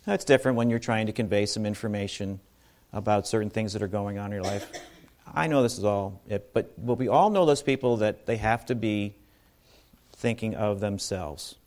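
A man's voice: fairly low pitch, moderate pace, darkish tone. A man giving an informal sermon to a congregation, talking conversationally with asides and restarts. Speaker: bible teacher.

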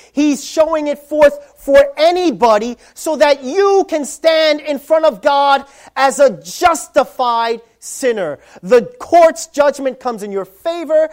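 A man preaching a sermon, animated, swinging from loud emphasis to quiet low asides and acting out little scenes. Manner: animated, acts out voices of dads and kids. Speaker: pastor.

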